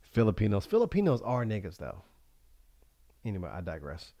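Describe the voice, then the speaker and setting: A man's voice: fairly low pitch, wildly swooping pitch, moderate pace, dark tone, no room sound, clean studio sound. A man hosting a livestream talk show in a rambling, profane monologue, laughing often as he goes. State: high.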